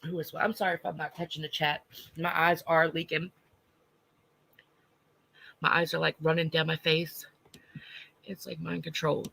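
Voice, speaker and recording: A woman's voice: low-pitched, moderate pace, creaky, pushed and bright, dry recording, rough recording. A woman ranting on a livestream, blunt and profane, stopping to answer chat. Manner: blunt and profane, heated, reads chat aloud. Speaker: livestreamer reacting to online drama.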